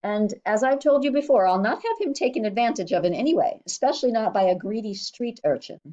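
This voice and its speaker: A woman's voice: on the high side, lively intonation, quick pace, dull audio, voice pushed up, lightly acted. A woman voicing a stern, proud older housekeeper who talks sharply and bossily. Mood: lecturing. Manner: sharp, scolding, bossy.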